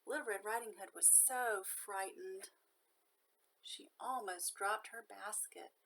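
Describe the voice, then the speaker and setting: A woman, a nanny, reading a children's storybook aloud in a gentle, expressive way. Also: medium pitch, takes it slowly, poor audio.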